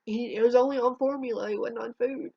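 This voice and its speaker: A woman telling a painful personal story in a halting, emotional way, her voice trembling near tears, in a dull lo-fi home recording. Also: fairly high pitch, steady tone, gravelly, slightly rough, dry recording. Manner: halting, emotional, with restarts and long pauses. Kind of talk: personal spoken testimony.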